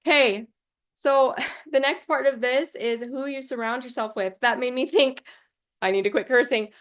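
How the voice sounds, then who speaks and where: A woman coach talking straight to camera in a casual vlog, chatty and passionate, blunt, swearing and saying "like" a lot. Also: on the high side. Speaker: life coach.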